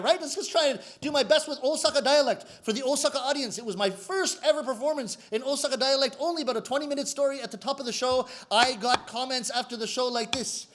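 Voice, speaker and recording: A man's voice: very high voice, fast talker, hardly any pauses, a bit bright. A Canadian man in his forties with a Canadian English accent, telling self-mocking comic stories on stage in a chatty way. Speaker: rakugo comedian.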